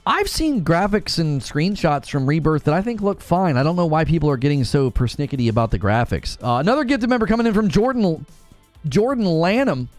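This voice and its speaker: A man with a voice on the high side hosts a live gaming news stream, talking fairly quickly over soft background music with no echo. He chats casually, reads out messages from chat, and thanks donors excitedly.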